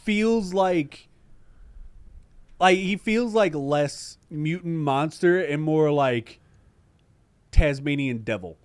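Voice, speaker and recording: Enthusiastic man, slightly high, smooth. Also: slow pace, long pauses, no room sound. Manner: enthusiastic, emphatic, slangy. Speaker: podcast co-host. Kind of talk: casual chat.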